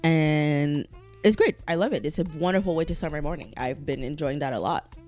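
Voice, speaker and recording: A woman with a fairly low voice talks casually on her solo podcast, wandering from thought to thought. She swears freely and often trails off and restarts her sentences. Faint music plays softly behind her. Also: brisk. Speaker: podcast host.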